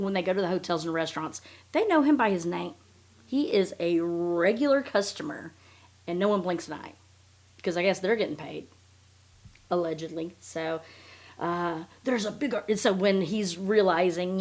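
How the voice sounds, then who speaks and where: A woman's voice: lowish voice, a little mellow. A woman hosting a podcast, recapping in a blunt, profane, sarcastic casual chat. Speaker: podcast host.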